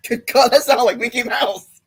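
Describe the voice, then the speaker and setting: A man's voice: extremely high pitch, moderate pace, breathy edge, no echo. A man co-hosting a casual livestream chat, goofy and joking. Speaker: co-host.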